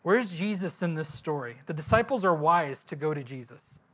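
A man's voice: a little high, moderate pace. Man preaching a sermon, chatty storyteller, asks the room questions. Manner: conversational, animated storytelling with rhetorical questions. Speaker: pastor.

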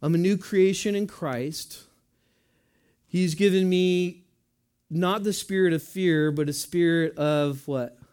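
High-voiced man preaching a conversational sermon. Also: takes it slowly, darkish tone, clean tone. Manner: conversational, asks the congregation questions and answers in voiced asides. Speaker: pastor.

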